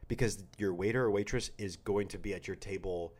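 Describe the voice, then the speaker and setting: Man, low voice, rambling jokey podcast co-host. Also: a little fast, a little mellow. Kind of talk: casual chat.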